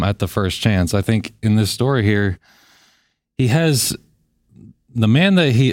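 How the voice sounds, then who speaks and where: A man with a fairly low voice takes part in a Bible study discussion. He speaks in a measured way, retelling and reading scripture passages. The recording is dry and close. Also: a little mellow, dry recording.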